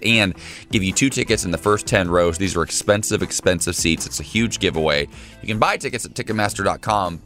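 A man co-hosting a morning radio show, chatting and joking in a casual, animated way. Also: sits low.

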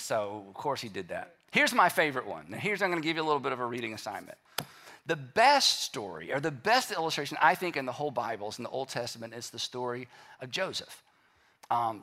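A man's voice: mid-range voice, sharp tone. A male pastor giving a sermon in a conversational way, acting out people's inner voices as he speaks.

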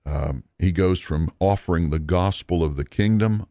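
A man teaching a recorded Bible lesson in an earnest, measured, explanatory way. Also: deep voice, mellow, no room sound, clean studio sound.

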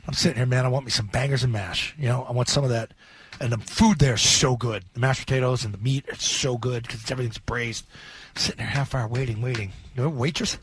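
A man co-hosting sports radio who tells stories in a loose, animated way. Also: medium pitch, fast talker, husky. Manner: animated storyteller. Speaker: radio co-host and former player. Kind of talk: casual sports radio banter.

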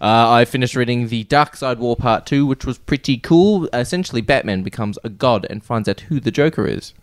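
A man's voice: mid-range voice, a little fast, no room sound, clean studio sound. A man hosting a podcast, telling stories in casual chat, often laughing and swearing. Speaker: podcast host.

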